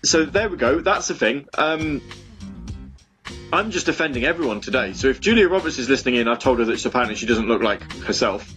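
A man's voice: mid-range voice, animated, fairly quick, fairly bright tone, soft background music. A young man hosting a casual online radio show from home, chatting with listeners in a rambling, self-mocking way full of fillers and restarts. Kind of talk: casual chat with listeners between songs. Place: home room.

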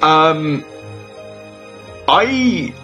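A young man hosting a casual radio show alone, rambling with restarts and sighs and sudden animated bursts. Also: fairly high pitch, extremely slow. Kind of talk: casual solo radio talk between music. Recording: slightly dull lo-fi audio with faint music.

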